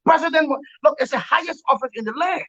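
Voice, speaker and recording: Heard through dull lo-fi call audio, this Liberian commentator talks politics emphatically on a talk show, repeating words and letting out wry laughs. His very high-pitched voice is pushed and bright, moving at a quick pace.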